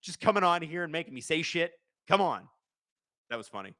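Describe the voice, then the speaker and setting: A man in his thirties hosts a live stream in casual, joking chat. His voice sits a little high and rings bright and forceful. He reads viewer comments aloud and slips into quick play-by-play of the game. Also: sing-song, no echo. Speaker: host of a live watch-along stream.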